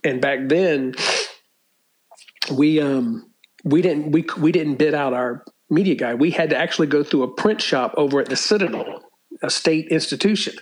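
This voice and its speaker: An older man tells stories in a casual interview, restarting often, clearing his throat and laughing at his own tales. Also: a little high, normal speed, low-quality recording. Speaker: former college sports media relations staffer, guest.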